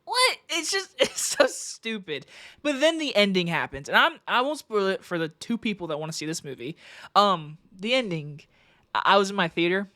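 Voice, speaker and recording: A woman's voice: medium pitch, big pitch swings, normal speed, bright, forceful tone. A woman giving a casual, profane movie review in an exasperated, emphatic rant.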